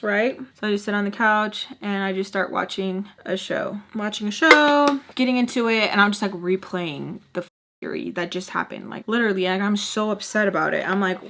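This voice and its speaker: Young woman telling a storytime vlog. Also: medium pitch. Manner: casual, swearing, animated retelling. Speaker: vlogger.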